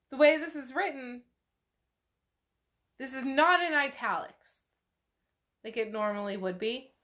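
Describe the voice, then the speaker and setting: Fairly high-pitched and a bit bright, a woman hosts a podcast where she casually retells a novel chapter. She's chatty, swears freely, and narrates the characters' actions.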